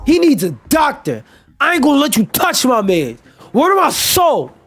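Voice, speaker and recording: A man's voice: huge pitch swings, moderate pace, fairly bright tone, soft background music, full character voice. A man putting on a girl's voice for a sassy, protective young woman in a video game. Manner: shrill, mock-girly, over the top.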